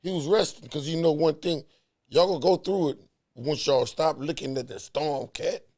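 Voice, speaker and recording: A man's voice: fairly high pitch, normal speed, a little mellow. A man in a casual heart-to-heart talk, emphatic and preachy, repeating words to drive points home.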